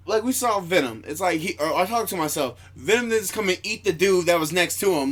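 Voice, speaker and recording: A man co-hosting a podcast, casually reacting to comic books with animated comments, laughter and swearing. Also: high-pitched, a little fast, hardly any pauses. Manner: animated reactions, laughs and profanity, acts out characters' lines. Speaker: podcast co-host. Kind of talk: casual comic book discussion.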